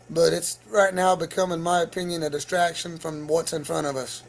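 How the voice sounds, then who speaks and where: A man's voice: a little high, steady tone, fairly quick, creaky, hardly any pauses, low-quality recording. A man hosting a livestream from home, ranting in a profane, agitated, rambling way. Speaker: livestream host. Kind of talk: casual livestream rant.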